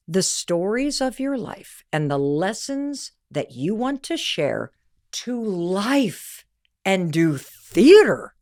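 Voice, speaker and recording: A woman voicing a male friend, speaking low and earnestly to persuade her. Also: darkish tone. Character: encouraging male friend and colleague.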